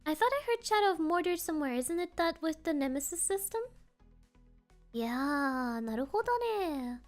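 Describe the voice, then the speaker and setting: A woman's voice: high voice, big pitch swings, moderate pace, faint music behind. A woman streamer chatting casually with her viewers, playful and rambling, often laughing.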